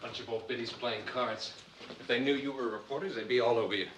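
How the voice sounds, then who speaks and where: A man's voice: medium pitch, steady tone, fairly quick, noisy background, close to an everyday voice. A young actor playing an eager, ingratiating rich student who fusses over his guests in a 1950s film. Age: young adult. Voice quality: eager, talkative, fussing host. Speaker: law student.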